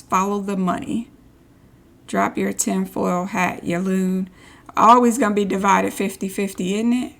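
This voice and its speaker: A woman's voice: medium pitch, gravelly. Woman streamer reading game posts aloud. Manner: sarcastic asides between read-outs. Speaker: gameplay streamer.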